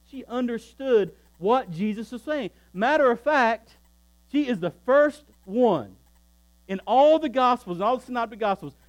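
A pastor preaching a sermon, emphatic and shifting between loud preaching and quiet, low asides. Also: male voice, poor audio.

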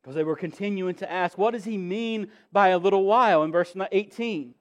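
A man's voice: high voice, moderate pace. A man in his thirties preaching a sermon as pastor, earnest, repeating key phrases and building emphasis.

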